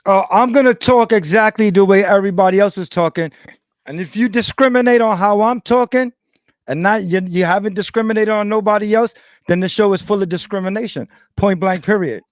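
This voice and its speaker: A man's voice: high-pitched, a little fast, no echo. A man from Brooklyn, arguing combatively as a guest in an online debate. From Brooklyn, New York. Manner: combative, repetitive, confrontational.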